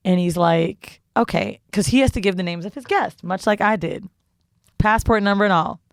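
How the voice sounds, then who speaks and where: A woman's voice: mid-range voice, normal speed, dry recording, clean studio sound. A woman co-hosting a casual podcast, telling crude travel stories with lots of swearing and quoting people she met. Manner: animated storyteller, profane, quotes others in voices. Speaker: podcast co-host. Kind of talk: casual storytelling chat.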